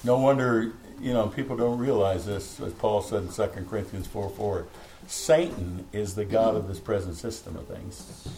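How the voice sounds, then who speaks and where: A man's voice: on the low side, fairly even intonation, moderate pace, creaky, dark tone, a little hiss or hum, low-quality recording. Fervent man preaching a home sermon. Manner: fervent, rambling, with laughs. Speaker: pastor. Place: home meeting room.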